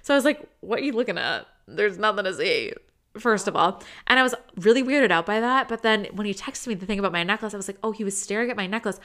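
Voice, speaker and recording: A young woman co-hosting a casual podcast, telling a dating story in an animated way and quoting herself with dramatic disgust. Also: medium pitch, quick pace. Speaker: podcast co-host. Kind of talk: casual chat.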